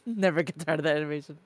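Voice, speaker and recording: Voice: medium pitch, expressive, a little fast. Giggly, teasing let's play guest. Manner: giggly, swears casually, teasing. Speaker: co-commentator. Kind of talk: casual gaming banter.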